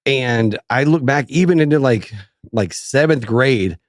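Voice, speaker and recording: A man's voice: medium pitch, expressive, measured pace, dry recording, clean studio sound. A middle-aged man from Kentucky, co-hosting a casual podcast chat, telling stories in a laid-back way with many fillers. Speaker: podcast co-host.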